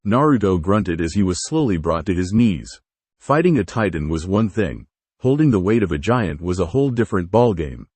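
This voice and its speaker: A man's voice: low-pitched, very animated, normal speed, darkish tone, slightly rough, no room sound. A man narrating a fan fiction story aloud, giving the dialogue varied inflections. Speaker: fanfiction reader.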